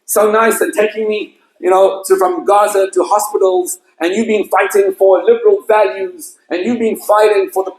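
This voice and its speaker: A man's voice: sits high, little pitch movement, moderate pace, few pauses, roomy sound, pitched above the performer's own voice, close to an everyday voice, low-quality recording. A man voicing a mocking, hostile male terrorist in a sneering, taunting tone during a sermon.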